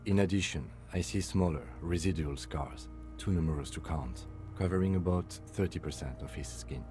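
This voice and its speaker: A man playing a calm, methodical police lieutenant in a video game, dictating an autopsy in a measured, dry way. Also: sits low, lightly acted. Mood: calm, clinical. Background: faint game music.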